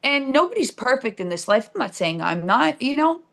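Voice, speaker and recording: A woman's voice: high-pitched, big pitch swings, normal speed, vocal fry, fairly bright tone. A woman, a podcast guest telling her story candidly and bluntly, with sarcasm and casual swearing.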